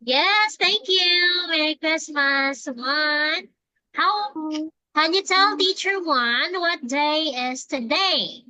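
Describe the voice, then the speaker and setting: A woman teaching English to a child over a video call, speaking slowly with repeated, encouraging prompts. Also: sits high, pushed and bright, no room sound, rough recording. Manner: slow, repetitive, encouraging prompts. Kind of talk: online English lesson for a child.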